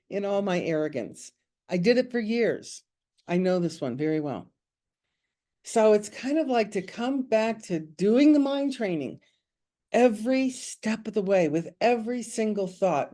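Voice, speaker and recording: A woman's voice: on the low side, warm tone. A woman leading a spiritual study group over a video call, talking in an informal, confiding way and chuckling often. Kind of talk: informal spiritual teaching talk.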